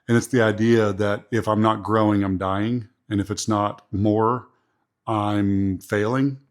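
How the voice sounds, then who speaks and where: A man, a pastor and podcast host giving a motivational leadership talk in a chatty, preachy way, repeating phrases for emphasis. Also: on the low side.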